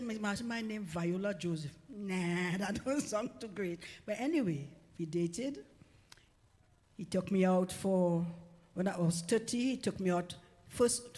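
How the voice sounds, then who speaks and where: Chatty woman sharing a testimony in church. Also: on the low side. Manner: chatty, laughing often, exhorting. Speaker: church speaker giving testimony. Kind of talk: humorous personal testimony. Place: church hall. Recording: long reverb of a church hall.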